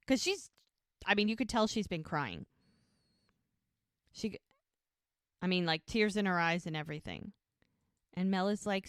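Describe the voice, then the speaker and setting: Woman podcast co-host, mid pitch, dry close sound, chatty recap of scenes. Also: unhurried, pauses often, clear, resonant tone, no room sound. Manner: retells scenes with quoted dialogue, laughs often. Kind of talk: casual recap chat.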